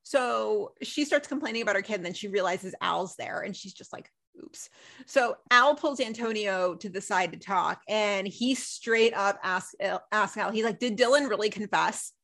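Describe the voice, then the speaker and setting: A woman recaps a TV episode in casual podcast chat. She rants with emphasis and swears freely. Her voice sits in a mid pitch. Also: normal speed, creaky, few pauses, fairly bright tone. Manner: ranting, emphatic, profane.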